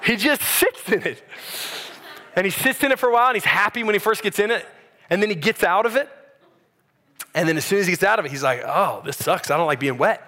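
A man, preaching a sermon as a pastor and telling a story in a conversational, animated way. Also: high-pitched, quick pace, pauses often.

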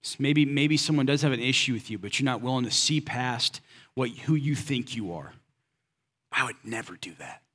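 A man preaching to a congregation in a relaxed, conversational manner. His voice sits at an ordinary middle pitch, and he talks directly and plainly, tossing in rhetorical questions and casual slang. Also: moderate pace. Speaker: pastor. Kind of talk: sermon.

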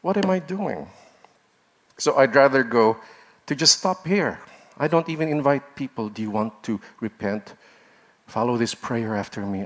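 A man's voice: mid-range voice, fairly bright tone. Earnest male preacher. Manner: earnest, exhorting, rises sharply when emphatic. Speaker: pastor. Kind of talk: sermon.

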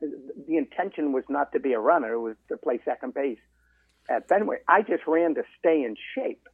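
Gravelly older man telling stories. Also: medium pitch, moderate pace, no echo. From Massachusetts. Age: around 70. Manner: animated storyteller who quotes people in dialogue. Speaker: guest, marathon runner. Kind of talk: storytelling interview. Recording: dry, phone-like line.

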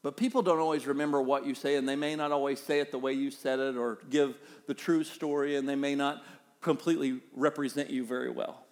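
A middle-aged man with a Southern US accent preaching a sermon as pastor, with animated swings in pitch and loudness. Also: brisk.

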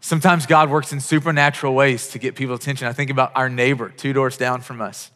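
A man's voice: mid-range voice, level tone, fast, sharp tone, long reverb tail. A man preaching a sermon as a pastor, telling stories with quoted dialogue and frequent restarts.

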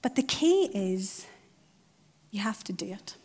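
A woman's voice: medium pitch, sing-song, slow, darkish tone. A middle-aged woman giving a conversational sermon, driving points home by repeating them. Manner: conversational, emphatic repetition. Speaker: church speaker.

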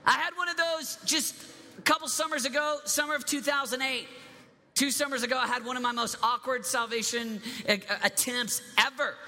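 A man's voice: very high voice, fairly even intonation, brisk, sharp tone. A man in his thirties preaching a sermon, telling stories with many restarts and asides to the audience. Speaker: pastor. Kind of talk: sermon storytelling. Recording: long hall reverb.

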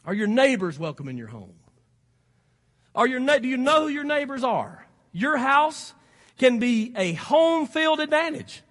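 A man's voice: extremely high pitch, sing-song, measured pace, fairly bright tone. A man preaching a sermon as pastor, with a Southern accent and a folksy, exhorting way of talking. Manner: folksy and exhorting, rising to emphatic peaks. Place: church sanctuary. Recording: long hall reverb.

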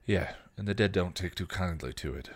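A man reading a story aloud, voicing a grim, protective male vampire who speaks softly but sternly. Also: brisk, breathy edge. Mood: grim gentle. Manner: low, grim, soft-spoken.

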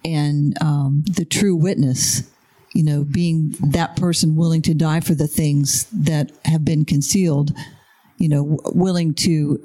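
A mellow, warm voice at a middle pitch, speaking in a measured, deliberate way during a faith discussion. The speaker pauses with fillers while building each thought. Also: steady tone. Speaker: Bible study participant.

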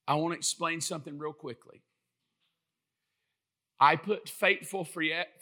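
Middle-aged male preacher, high bright voice, impassioned sermon delivery that rises to shouts. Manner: impassioned, often shouting to the congregation.

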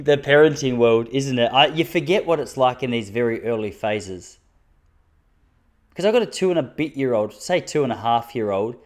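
A man in his thirties with an Australian accent, telling stand-up stories in a wry, self-mocking way, jumping his pitch up high for quoted lines. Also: a little mellow. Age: 30s. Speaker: stand-up comedian. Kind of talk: stand-up comedy storytelling.

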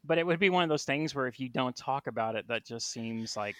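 A Southern man hosts a relaxed podcast chat, easygoing and quick to agree. His voice is bright and forward, and the recording is dry and close. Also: mid-range voice, no room sound. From American South.

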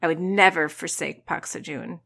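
A woman's voice: low voice, normal speed, vocal fry, pushed and bright. A woman co-hosting a casual podcast chat, dramatic, sighing and stammering as she thinks aloud. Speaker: podcast co-host.

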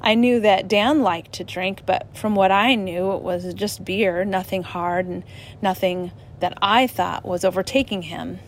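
Slow-speaking woman giving testimony. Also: medium pitch, fairly even intonation, a little hiss or hum. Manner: earnest, halting, with restarts. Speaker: church member giving testimony. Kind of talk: personal testimony.

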